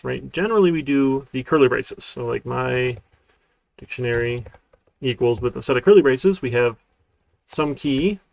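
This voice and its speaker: A man's voice: mid-range voice, gravelly, no room sound. A man teaching a live-streamed programming class in a casual, chatty way, often checking in with "right?". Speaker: university programming instructor. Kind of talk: live-streamed coding lecture.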